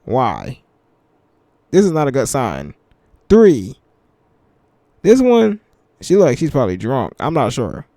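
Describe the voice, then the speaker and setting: A young man giving casual reaction commentary in relaxed slang, slowing down when he reads verses aloud. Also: mid-range voice, no room sound, studio quality. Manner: laid-back slangy banter, reads scripture slowly. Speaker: commentary channel host. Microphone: headphones with mic.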